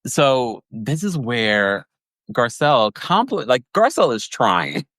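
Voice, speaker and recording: A man hosting a livestream podcast recap, chatty and animated, laughing often and reading viewers' comments. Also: mid-range voice, slow, dry recording. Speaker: podcast host recapping reality TV.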